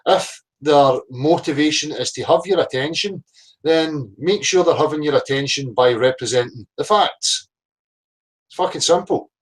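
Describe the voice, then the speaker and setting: A man's voice: on the high side, moderate pace, breathy edge, poor audio. A man hosting a casual livestream, blunt and sweary, greeting chat viewers by name. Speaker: livestream host.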